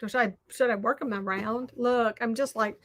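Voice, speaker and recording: A Southern American woman hosting, chatting casually and rambling while she crafts, quick to poke fun at herself. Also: a little high, fairly even intonation, fairly bright tone. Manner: chatty, rambling, self-deprecating. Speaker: host.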